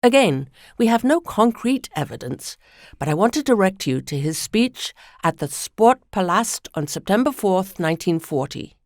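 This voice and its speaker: A woman narrating a podcast from a script in a measured, storytelling manner. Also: medium pitch, very animated, no echo, studio quality.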